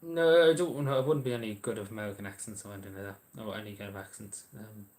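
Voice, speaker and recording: A man's voice: on the low side, fairly even intonation, quick pace, a little mellow, a little hiss or hum. An Irish man chatting casually on a livestream, answering viewers' messages in a rambling, hesitant way with lots of ums and restarts.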